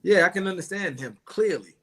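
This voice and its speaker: Male trainer guest, slightly higher voice, relaxed, stop-start delivery. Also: a crowd in the background. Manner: easygoing, halting, repeats words. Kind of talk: casual interview chat.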